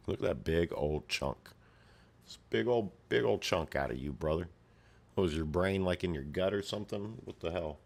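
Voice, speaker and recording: Low-voiced man reading a comic aloud. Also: creaky. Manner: laid-back, mumbling asides with fillers. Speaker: video host reading a comic. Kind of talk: casual comic read-along commentary.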